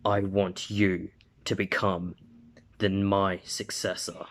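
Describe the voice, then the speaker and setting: A man voicing a confident heroic mentor in a fan story, speaking slowly and deliberately in a low voice. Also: flat delivery, a bit bright, exaggerated voice. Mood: calm.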